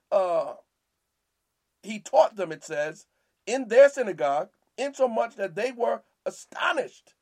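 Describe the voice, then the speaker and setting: A man's voice: high-pitched, lively intonation, moderate pace, darkish tone. A man teaching scripture verse by verse in a preaching style, often repeating himself and asking "Amen?". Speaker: Bible teacher and podcast host.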